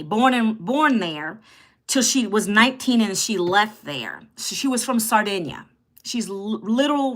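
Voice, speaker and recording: A woman's voice: mid-range voice, bright, forceful tone. A woman in her fifties hosting a live stream, chatting casually with her viewers and reading out their comments. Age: 50s.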